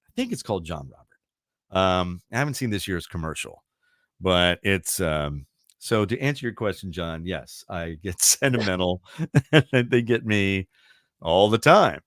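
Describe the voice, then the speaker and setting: A man's voice: low-pitched, animated, a little slow, fairly bright tone, dry recording, clean studio sound. A man in his fifties hosting a radio show, chatting casually and telling rambling stories with easy laughs. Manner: rambling storyteller, laughs easily, self-deprecating. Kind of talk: casual chat.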